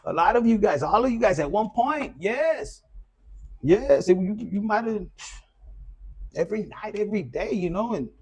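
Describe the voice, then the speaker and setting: Husky man giving a profane, casual tarot reading. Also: high voice, animated, moderate pace, a little mellow. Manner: loose and profane, with Spanish slang mixed in. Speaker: tarot reader.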